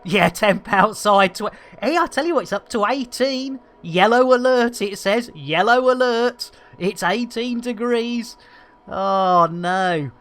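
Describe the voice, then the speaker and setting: A man's voice: high voice, animated, slow, fairly bright tone. A man hosting a live gameplay stream, rambling through jokey banter and cheeky asides. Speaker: livestream host.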